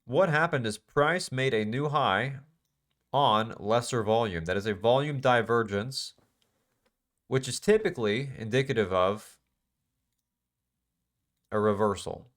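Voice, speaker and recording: A man's voice: mid-range voice, lively intonation, measured pace, long pauses. A man teaching a live trading class in a casual, emphatic way, repeating phrases and asking the class questions. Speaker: trading instructor.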